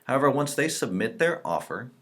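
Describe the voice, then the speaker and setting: A man giving a relaxed screen-recorded software tutorial, explaining each step as he fills in example entries. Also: mid-range voice, fairly quick. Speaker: real estate software trainer.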